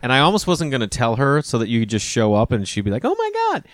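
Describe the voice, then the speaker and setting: A man's voice: mid-range voice, fast, no room sound. Man in his 30s or 40s, comic-turned-podcast host, loose conversational delivery, dry mic. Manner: relaxed, rambling, acts out quoted people. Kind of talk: casual conversation.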